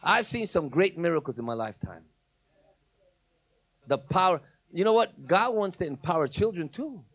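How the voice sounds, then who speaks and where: A middle-aged male preacher telling stories in a sermon, moving from quiet asides to loud, emphatic preaching. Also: sits high, very animated, normal speed, breathy edge, no echo.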